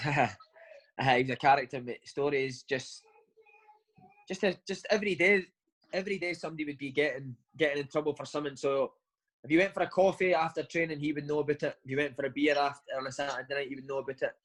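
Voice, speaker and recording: A man's voice: a little high, fast, a bit bright, rough recording. A man, a footballer, chatting casually in an interview and telling long anecdotes, forever saying "mate". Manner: chatty storytelling, says "mate" constantly. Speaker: footballer guest.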